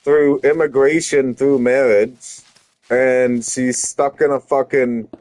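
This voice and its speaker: A man's voice: medium pitch, fairly even intonation, takes it slowly, no echo. Heated, profane man telling a story. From Canada. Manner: heated, profane, rising to shouted retorts. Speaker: streamer. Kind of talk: angry storytelling.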